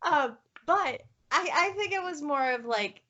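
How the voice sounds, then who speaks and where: A woman's voice: high voice, animated, a little slow, highs cut off, very noisy. A woman co-hosting a podcast, chatting casually in a wry way with plenty of fillers. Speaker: podcast co-host. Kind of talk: casual chat.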